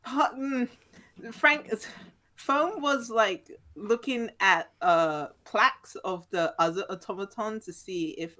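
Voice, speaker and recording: Slow hesitant woman player. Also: mid-range voice, sharp tone. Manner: hesitant, halting. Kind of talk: casual tabletop role-play.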